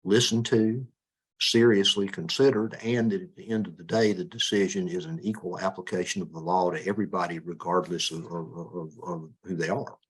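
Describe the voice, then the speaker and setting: A man, a judicial candidate, answering interview questions in a measured way, often stumbling and repeating words. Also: deep voice, steady tone, husky.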